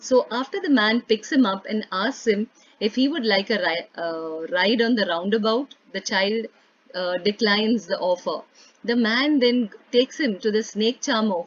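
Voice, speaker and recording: A woman's voice: medium pitch, dry recording. A woman English teacher reading a story aloud expressively, then retelling it in simpler words for her students. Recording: dull lo-fi recording.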